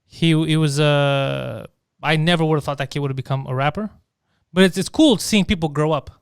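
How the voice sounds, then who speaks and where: A man's voice: fairly high pitch, brisk, vocal fry, clear, resonant tone, no room sound, clean studio sound. A man co-hosting a comedy podcast, chatting casually and loosely, swearing and acting out quotes in put-on voices. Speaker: podcast co-host.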